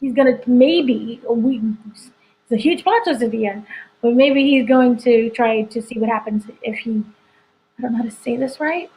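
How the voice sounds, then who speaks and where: A woman's voice: a little high, normal speed, dark tone, poor audio. A woman editor chatting casually through a spoiler review, rambling with lots of "like" and "you know". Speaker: entertainment editor reviewing a TV episode.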